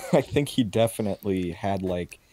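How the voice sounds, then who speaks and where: A man's voice: fairly low pitch, animated, moderate pace, warm tone, no echo. A man co-hosting a podcast, chatting casually over a call, rambling and swearing freely. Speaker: podcast co-host. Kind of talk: casual chat. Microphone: video call.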